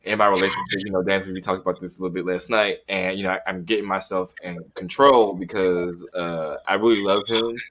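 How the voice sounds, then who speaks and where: A young man talking candidly in a casual podcast chat, animated and acting out what he would say. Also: sits low, fairly quick, hardly any pauses. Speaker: podcast co-host.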